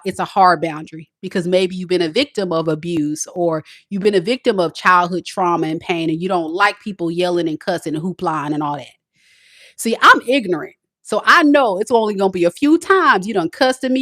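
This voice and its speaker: A woman hosting a tarot livestream who gives casual advice, swinging from loud dramatic outbursts to calm, low talk. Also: brisk, no echo, studio quality.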